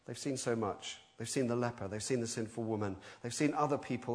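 A middle-aged man preaching a sermon, animated and conversational, breaking into loud acted-out voices. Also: mid-range voice, brisk, hardly any pauses. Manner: animated, acts out quoted voices with sudden loud outbursts.

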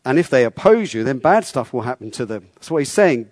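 A man's voice: medium pitch, big pitch swings, fairly quick, few pauses, a little mellow, no room sound. Conversational male preacher, dry sound. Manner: conversational, repeats words, asks the listeners questions. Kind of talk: sermon.

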